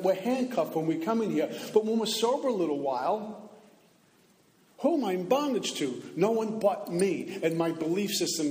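A man's voice: sits high, a little mellow. A man giving an earnest recovery meeting talk, sometimes voicing the thoughts in his head. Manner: earnest, acts out the inner voice in asides. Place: meeting room. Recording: echoey hall from far off.

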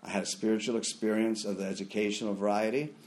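Middle-aged man, recovery share, lively storyteller, loud bursts when quoting others. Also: fairly low pitch, fast. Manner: animated storyteller, jumps into loud acted quotes. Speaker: recovery meeting speaker. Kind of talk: personal story shared at a meeting.

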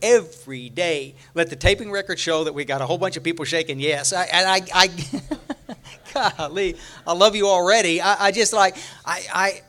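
A middle-aged man from Texas, giving a halting recovery share full of restarts and repeated words. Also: high voice, a bit bright. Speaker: recovery speaker.

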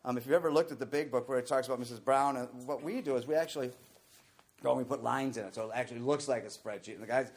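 A man's voice: mid-range voice, very fast. A man giving a candid, conversational talk to a group about recovery program steps, often saying "you know".

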